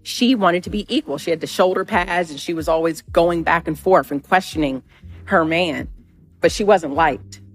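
A woman's voice: fairly low pitch, moderate pace, soft background music. A woman being interviewed, reflecting in a thoughtful, conversational way. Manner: thoughtful, laughs at her own realization. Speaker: interview guest.

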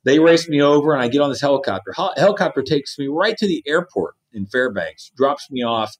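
A man's voice: fairly high pitch, animated, brisk. A man in his fifties, an Army division commander, earnestly recounting personal stories in an interview and acting out quoted dialogue. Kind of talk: interview storytelling.

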